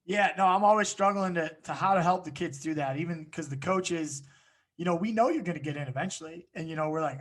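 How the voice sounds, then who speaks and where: Male host and coach, slightly high voice: eager, chatty, quick to laugh. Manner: eager, chatty questioner who laughs often. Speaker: podcast host and lacrosse coach. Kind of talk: casual podcast interview.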